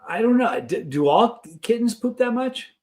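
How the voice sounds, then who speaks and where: A man's voice: very high voice, big pitch swings, moderate pace, a little mellow. A man hosting a live stream, chatting casually and reading out viewer comments in a rambling, friendly way.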